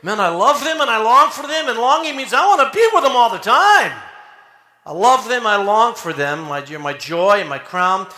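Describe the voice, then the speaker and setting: A man preaching a lively sermon in a church, energetic and animated, often shouting and acting out quotes. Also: high-pitched, moderate pace, reverberant. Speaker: pastor. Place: church sanctuary.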